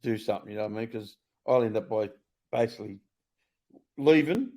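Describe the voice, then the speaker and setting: Fast-talking blunt Australian man. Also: fairly low pitch, darkish tone. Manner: blunt, profane, outspoken. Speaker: former prisoner sharing his story. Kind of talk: casual conversation.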